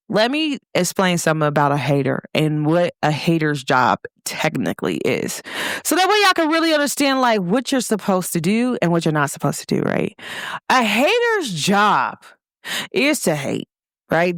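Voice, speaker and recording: A woman from Cincinnati hosting her own show, talking casually and warmly to viewers, repeating points and calling them "y'all". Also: on the low side, moderate pace, no room sound, studio quality. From Cincinnati, Ohio. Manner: lively, repetitive, speaks directly to listeners with "y'all". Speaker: host. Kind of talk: casual motivational talk to viewers.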